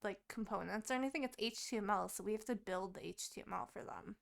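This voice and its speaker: Gravelly-voiced young woman ranting casually. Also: medium pitch, fast. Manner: swearing, rambling, laughing. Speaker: podcast co-host. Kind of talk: casual chat.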